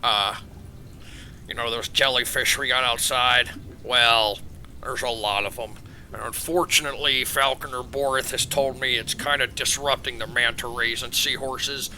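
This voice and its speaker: A man's voice: mid-range voice, fairly even intonation, normal speed, slight background noise. A man voicing a doting, folksy king who is father to the princesses. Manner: loud, affectionate, folksy.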